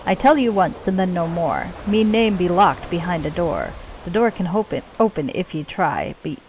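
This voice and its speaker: A woman's voice: lowish voice, big pitch swings, normal speed, a little mellow, a little hiss or hum, rough recording. Woman doing a mad rhyming cultist man. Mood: sing-song. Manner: speaks in singsong rhymes with broken grammar. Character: mad rhyming male cultist, broken grammar.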